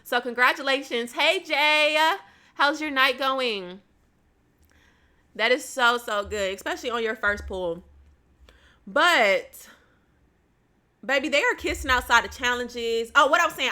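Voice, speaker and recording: A woman's voice: high voice, expressive, moderate pace, bright, forceful tone. A young woman, chatting casually on a home livestream, laughing often and addressing viewers by name.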